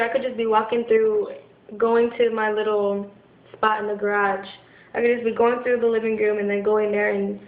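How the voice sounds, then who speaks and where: A young woman pours out her frustration, stopping and restarting as she talks. Her voice sits a little high, and the recording is muffled and lo-fi, with a roomy echo around it. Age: young adult. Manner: frustrated, halting, many restarts and fillers. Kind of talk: venting to camera. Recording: echoey room, dull lo-fi sound.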